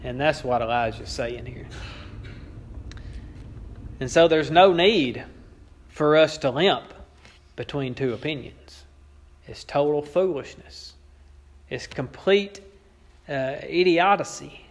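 A man's voice: a little high, takes it slowly, long pauses. A man preaching a sermon, with an emphatic, repetitive cadence and a touch of wry amusement. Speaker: pastor.

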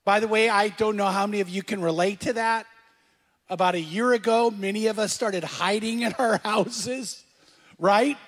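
A middle-aged man delivers a sermon in a conversational way, asking the congregation questions and repeating phrases for emphasis. His voice sits high for a man. The sound carries a long reverb, like a large church. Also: moderate pace. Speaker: pastor.

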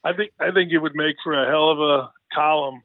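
A man's voice: on the high side, steady tone, brisk, no echo. A man, a sports broadcaster, chatting casually and telling rambling jokey stories with lots of restarts. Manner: joking, rambling storyteller with frequent restarts. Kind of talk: casual interview chat. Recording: tinny phone line, dry.

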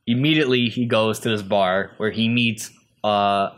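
A man's voice: on the low side, steady tone, moderate pace, fairly bright tone. A man in casual podcast chat, recapping a video he watched, laughing often and hedging with ums and likes.

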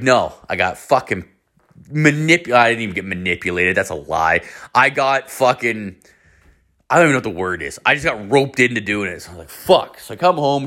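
A young man hosting a podcast, telling a story in casual chat, rambling and swearing heavily. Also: medium pitch. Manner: heavy swearing, rambling and animated. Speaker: podcast host.

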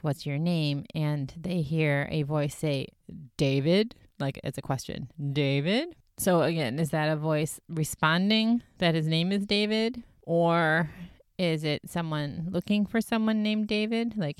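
Woman, low pitch, gravelly, smooth and resonant tone, dry close sound, chatty recap. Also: dry recording. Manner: chatty, filler-heavy retelling with frequent "like". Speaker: podcast host recapping a TV show. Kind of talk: casual chat.

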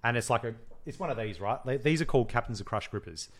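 A man's voice: mid-range voice, animated, quick pace. A man co-hosting a podcast in casual chat, blunt and swearing freely. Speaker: podcast co-host.

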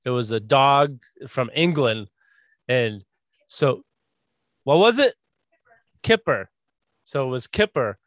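Lively, easygoing man podcasting. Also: medium pitch, takes it slowly, pauses often, no room sound. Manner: easygoing, laughs often. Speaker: podcast co-host. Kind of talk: casual sports chat. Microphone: studio podcast mic.

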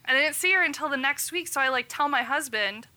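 Animated and quick, this woman's high, sharp voice carries a story she tells as a physician guest on a casual podcast. She's in her thirties and acts out the quoted lines as she goes.

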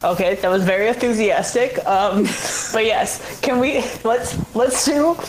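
A woman playing a tabletop game, eager and stammering when excited, in casual chat. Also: a little high, unhurried, a little hiss or hum, poor audio. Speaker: player.

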